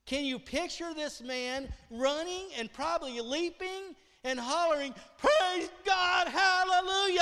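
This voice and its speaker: A man preaching a sermon, telling a story with great animation, acting out voices and swinging between loud outbursts and hushed lines. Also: very high voice, long reverb tail. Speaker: pastor.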